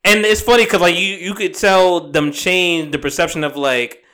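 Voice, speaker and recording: A man's voice: sits high, fairly even intonation, bright, forceful tone, smooth. A man hosting a podcast, chatting casually and telling a rambling story full of fillers and swearing. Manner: says he talks fast. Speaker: podcast host. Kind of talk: casual chat.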